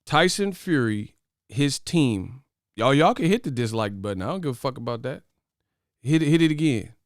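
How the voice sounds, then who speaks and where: A man's voice: medium pitch, lively intonation, moderate pace, no echo, clean studio sound. A man hosting a casual boxing commentary channel, brash, profane and mocking as he trash-talks to his viewers.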